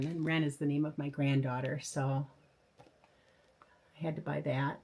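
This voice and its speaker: This older woman's flosstube video is a relaxed show-and-tell, as she enthuses about her new patterns with lots of fillers and restarts. Her low, darkish voice is flat and unhurried.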